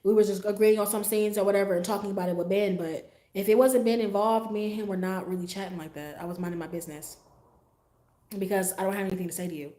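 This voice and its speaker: A woman livestreaming tells a story straight to her viewers in a loose, profane, animated way, acting out her own reactions as she goes. Her pitch sits in the ordinary middle range. The voice carries a roomy echo. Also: fast talker. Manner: talks straight to her viewers with frequent asides. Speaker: livestream host telling a story. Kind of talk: casual storytime monologue.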